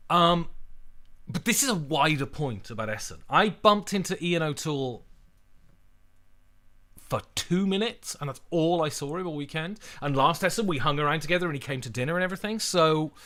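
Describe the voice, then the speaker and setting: A middle-aged English man hosting a livestream, chatting casually and telling lively stories while answering viewer questions. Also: on the high side, moderate pace. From England. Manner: chatty, animated storytelling, reads viewer questions aloud. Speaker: livestream host.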